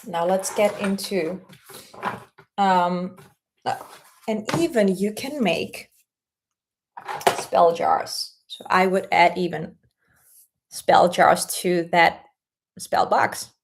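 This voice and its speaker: A woman hosting a casual spell-craft tutorial, explaining things in a gentle, unhurried way. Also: on the low side, vocal fry, background noise. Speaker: spiritual content host.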